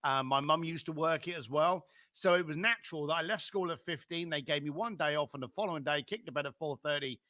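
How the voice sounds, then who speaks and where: A middle-aged man with a London accent, a podcast guest telling his life story in an animated way and acting out other people's lines. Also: fairly high pitch, quick pace, few pauses, no room sound, clean studio sound. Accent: London English. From London, England.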